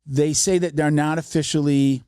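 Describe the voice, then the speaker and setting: Mellow-voiced man rambling in casual chat. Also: fairly high pitch, fairly even intonation, normal speed, clean tone, no echo, clean studio sound. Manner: long rambling explanations, acts out quotes.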